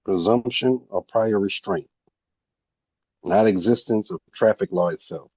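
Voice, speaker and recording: A man with a very low, husky voice joins in on a video call with brief answers. His audio sounds muffled and lo-fi, and dry. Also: a little slow, a little mellow, no echo. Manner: chimes in with short answers. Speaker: call participant. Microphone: computer mic on a video call.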